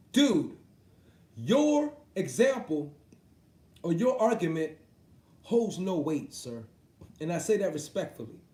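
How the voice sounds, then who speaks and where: A man ranting about boxing to his live viewers, heated and swearing constantly, swinging between loud outbursts and low muttering. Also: roomy sound. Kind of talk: profane off-the-cuff rant.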